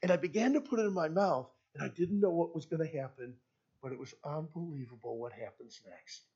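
A male preacher telling a story in a sermon to teenagers, swinging between hushed and loud, on a dull lo-fi recording. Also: on the high side, animated, fairly quick, breathy edge.

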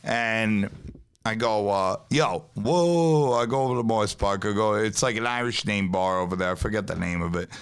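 Brooklyn-style man, low voice, rambling podcast storyteller, loose and profane. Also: steady tone, brisk, fairly bright tone, smooth. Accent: New York. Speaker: podcast host, pizzeria owner. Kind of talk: casual storytelling chat.

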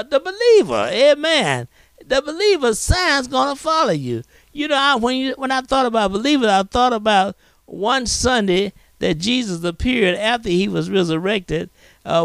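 A man's voice: high voice, creaky, a bit bright, no room sound. A man pastor preaching a fervent sermon, repeating refrains and punctuating lines with amen and hallelujah.

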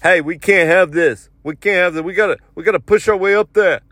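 A man's voice: sits high, a little fast, no echo, studio quality, pitched above the performer's own voice, close to an everyday voice. A man voicing a short, pushy, irritated New Yorker man who talks in an urgent, insistent way.

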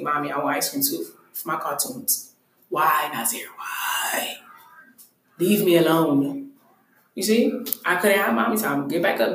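A woman's voice: medium pitch, fairly bright tone. A young woman hosting a casual solo podcast, talking candidly and profanely with self-mocking humor. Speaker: podcast host. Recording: very echoey room.

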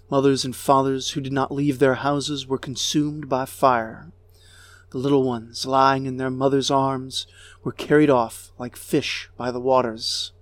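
Slow, solemn male narrator. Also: medium pitch, no echo. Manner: slow, grave, measured delivery. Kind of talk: solemn reading of an ancient lament.

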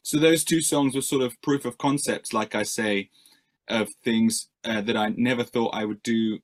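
A man's voice: medium pitch, steady tone, moderate pace. A male musician answering interview questions in a rambling, self-deprecating way, with many fillers and restarts.

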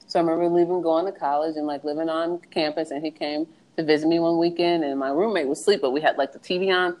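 A woman's voice: low-pitched, fast, rough recording. A young woman in casual chat, telling frank personal stories with lots of laughter and acted-out quotes. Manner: animated storyteller, laughs often, acts out quotes.

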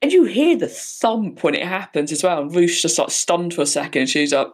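A young woman in casual chat, retelling a film with lively quoted voices and frequent laughter. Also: fairly low pitch, moderate pace.

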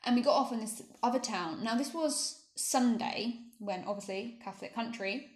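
A young woman with an English accent telling a travel story in casual chat, animated and fond of saying "literally.". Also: on the high side, moderate pace. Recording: roomy echo.

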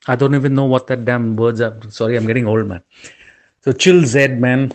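A man's voice: mid-range voice, fairly even intonation, moderate pace. A middle-aged man co-hosting a casual podcast chat over drinks, a bit tipsy, rambling in a loose, affectionate way. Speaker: podcast co-host.

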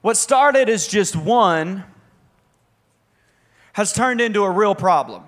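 A young man preaching a sermon as a pastor, conversational and energetic with bursts of emphasis. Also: sits high, slow.

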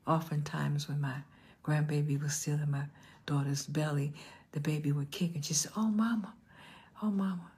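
Very husky older woman preaching. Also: low-pitched, normal speed. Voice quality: very husky, breathy. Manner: animated, voices the people in her story. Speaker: pastor. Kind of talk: storytelling sermon.

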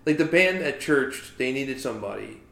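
Halting man in an echoey room. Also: medium pitch, expressive, creaky, a bit bright. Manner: halting, repeats words, easily sidetracked. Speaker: podcast co-host. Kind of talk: casual chat.

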